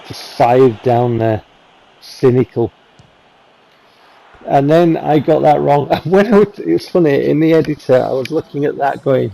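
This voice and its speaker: A man giving chatty voice-over commentary on football game highlights, rambling with self-mocking asides and lively calls on the big chances. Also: slow, gravelly, pauses often, rough recording. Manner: excited calls on goals and near misses. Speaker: gaming channel host. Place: recorded voice-over while editing.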